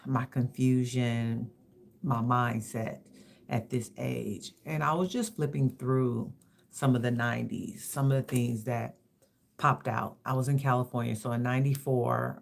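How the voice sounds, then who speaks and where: A woman in her fifties shares personal reflections at a slow, unhurried pace. Her voice carries a gravelly, creaky texture. She halts and repeats words as she searches for what to say. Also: rumbling low. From Los Angeles, USA. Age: 50s. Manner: halting and reflective, repeats words, soft-spoken candor. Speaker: livestream host.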